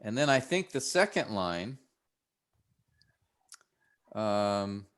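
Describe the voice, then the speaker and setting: A man teaching a workshop for pastors, explaining a text step by step in an unhurried way with frequent restarts. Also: fairly low pitch, big pitch swings, a bit bright, clean tone. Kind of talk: relaxed classroom teaching.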